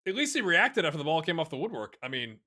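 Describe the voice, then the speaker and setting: A man giving casual, excitable commentary on a football management game, chatting to his viewers and calling the players lads. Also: a little high, fast talker. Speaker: gaming YouTuber. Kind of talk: casual let's-play commentary.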